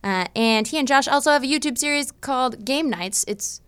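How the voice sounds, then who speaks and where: A woman's voice: high-pitched, fairly quick, fairly bright tone, smooth. Giggly woman hosting a podcast. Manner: chatty and giggly. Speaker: podcast host. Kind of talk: casual interview chat.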